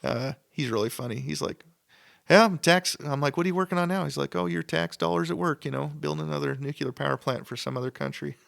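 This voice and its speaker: A man's voice: fairly high pitch, quick pace, creaky, few pauses. A man from Idaho, a sculptor telling stories on a podcast in a rambling, enthusiastic way, full of "like" and quoted back-and-forth. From Idaho, USA. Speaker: guest sculptor. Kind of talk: casual podcast storytelling. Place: podcast studio.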